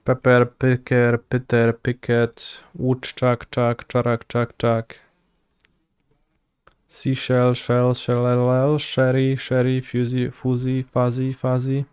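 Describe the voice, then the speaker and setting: A man's voice: medium pitch, monotone, slow pace, a little mellow, clear, resonant tone, dry recording. A man, a streamer thinking aloud and muttering words to himself while he works through a word puzzle. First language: Polish.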